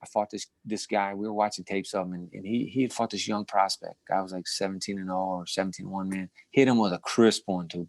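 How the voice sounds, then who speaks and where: As a guest in a laid-back interview, a middle-aged ex-champion boxer tells fight stories in a low voice at a brisk pace. He talks in animated bursts, often restarting and repeating words, and laughs frequently. His voice comes across dry and close, with no echo or room sound.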